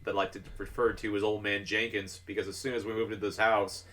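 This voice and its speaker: Laid-back low-voiced young man. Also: flat delivery, fast talker, a crowd in the background. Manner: laid-back, laughs easily. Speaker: podcast co-host. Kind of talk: casual chat.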